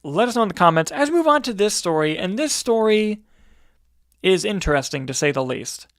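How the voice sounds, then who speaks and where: Gravelly man in casual podcast chat. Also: high-pitched, sing-song, brisk, fairly bright tone, no echo, clean studio sound. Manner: candid, profane, joking. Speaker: podcast co-host.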